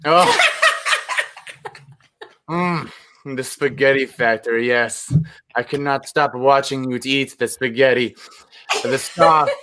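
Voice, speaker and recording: A man's voice: mid-range voice, slow pace, long pauses, bright, forceful tone, voice pushed down. A man voicing a lovesick would-be European romancer in a put-on vague European accent, delivering a hammy improvised love letter. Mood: swooning. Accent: put-on non-specific European accent. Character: lovesick male European-ish romancer writing a sexy letter.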